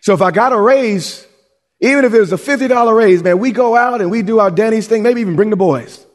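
A middle-aged man preaching a sermon as pastor, animated and conversational, often restarting his sentences. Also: high-pitched, quick pace, in a large hall.

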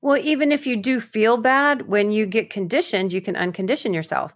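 Brisk woman, dry close mic. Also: on the high side, no echo. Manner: brisk, explanatory, playful wordplay. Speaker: podcast co-host giving advice. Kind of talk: casual advice chat.

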